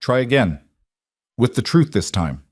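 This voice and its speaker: A man's voice: medium pitch, sing-song, measured pace, slightly rough, dry recording, studio quality. A man doing a ruthless old mob boss. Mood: cold, commanding. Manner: cold, commanding, quiet. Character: ruthless older mob father, cold and commanding.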